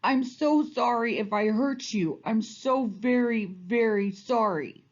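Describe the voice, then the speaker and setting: A woman's voice: a little high, animated, a little slow, muffled recording, pitched above the performer's own voice. A woman voicing a moody male moose who swings between laughing and crying, in a storybook read-aloud. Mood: sobbing. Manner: emotional, wailing and sobbing.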